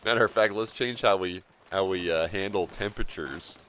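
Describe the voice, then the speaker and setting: A man's voice: low-pitched, normal speed, a bit bright, a little hiss or hum. A man live-streaming a video game, chatting casually and rambling with viewers, laughing often. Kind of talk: live gameplay commentary and chat.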